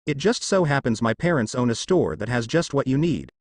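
A man voicing a bold, bossy teenage girl ninja who runs a weapon shop, raised higher than his own voice and teasing. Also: expressive, fairly quick, no room sound, clean studio sound, close to an everyday voice.

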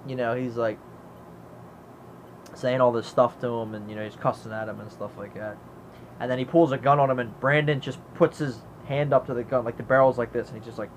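A man's voice: mid-range voice, steady tone, a little fast, slight background noise. A man giving a casual movie review, rambling and enthusiastic, filling his talk with "you know" as he recounts scenes.

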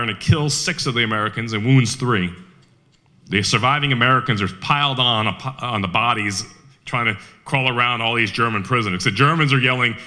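A man telling a war history story at a Veterans Day event, animated, with rhetorical questions and frequent restarts. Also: medium pitch.

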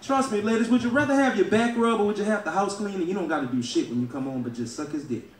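A male stand-up comedian from Louisiana with a Southern American accent, loud and crowd-working, laughing at his own jokes. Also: sits high, quick pace, far from the mic. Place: comedy club stage. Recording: echoey club room, heard from afar.

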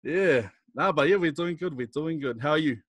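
A man's voice: on the high side, moderate pace, dry recording. A young man with a New Zealand accent, chatting as a podcast guest and telling stories with lots of laughter. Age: young adult. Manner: animated, laughing storyteller. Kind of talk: casual chat.

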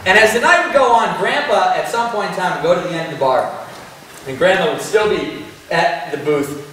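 Keynote speaker, man: lively laughing storyteller, slightly high voice, distant mic in a big echoing hall with faint noise. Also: a little fast. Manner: animated, laughing, repeats words.

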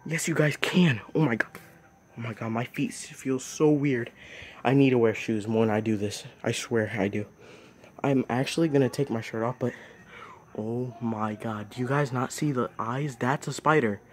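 A man's voice: mid-range voice, moderate pace, a little hiss or hum. A young man vlogging outdoors at night on a phone, narrating casually and exclaiming in squeamish alarm about bugs. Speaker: nature vlogger.

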